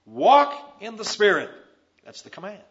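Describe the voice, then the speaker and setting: A man's voice: sits high, very animated, unhurried, fairly bright tone. A man preaching a sermon with emphatic, rising stresses, on a dull lo-fi recording.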